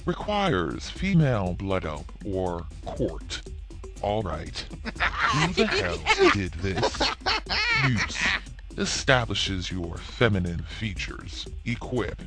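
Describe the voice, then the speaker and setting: A man voicing a grumpy, sardonic rogue character in a comedy podcast sketch, gruff and sarcastic. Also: deep voice, wildly swooping pitch, slow, loud music behind the voice, heavily acted. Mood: indignant.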